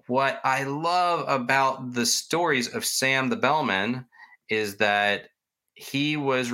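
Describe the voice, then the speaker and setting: Bright-voiced man telling ghost tales. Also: medium pitch. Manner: chatty, rambling, self-mocking. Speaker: podcast host telling ghost stories. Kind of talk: casual storytelling chat.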